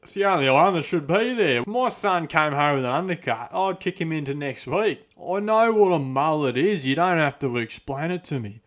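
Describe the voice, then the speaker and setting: A man's voice: fairly high pitch, expressive, normal speed, hardly any pauses, fairly bright tone. A man playing a crude, boastful middle-aged Australian bogan who speaks in blunt slang and swears freely, with an Australian accent. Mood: indignant. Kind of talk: comedic character monologue.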